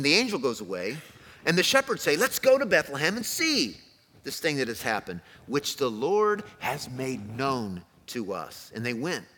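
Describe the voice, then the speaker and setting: A man preaching a sermon as pastor, moving between loud calls and quiet, low passages. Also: husky. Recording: long hall reverb, faint noise.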